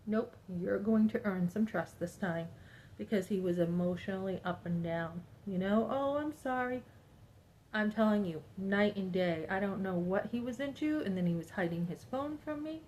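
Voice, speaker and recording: An upset woman in her fifties talks straight to her viewers in a rambling, emphatic monologue. Her voice sits in a middle pitch, and she often acts out what other people said. Faint background noise runs under her voice. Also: moderate pace, a little mellow, low-quality recording. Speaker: vlogger. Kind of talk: personal monologue to camera.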